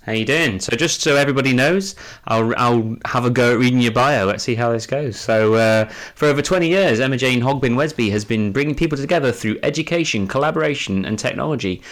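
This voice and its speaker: A man's voice: medium pitch, brisk, hardly any pauses, a bit bright. Upbeat Englishman co-hosting a podcast. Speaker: podcast co-host. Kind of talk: casual podcast chat.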